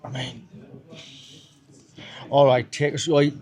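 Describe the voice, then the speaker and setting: A man's voice: mid-range voice, little pitch movement, slow pace, darkish tone. A man hosting a casual podcast interview, prompting his guest with easy questions. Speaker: podcast host.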